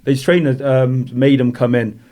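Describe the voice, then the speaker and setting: A warm, steady, mid-range voice at normal speed belongs to a former boxer from Wales. As a podcast guest, he tells casual, rambling stories and laughs throughout.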